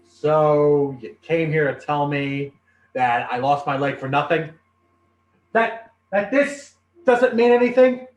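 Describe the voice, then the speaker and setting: An actor playing a bitter male veteran who lost a leg, defensive and at times breaking into anguished shouting, in an amateur virtual stage play. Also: a little high, slow, muffled recording. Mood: resentful. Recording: echoey room with faint noise.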